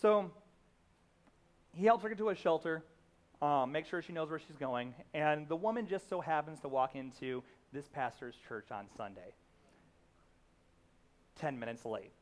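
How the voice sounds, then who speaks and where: With a slightly high voice and a measured pace, a young pastor gives a conversational sermon, pausing often. He leans on fillers and restarts, and as he retells a scene he drops into what the characters said.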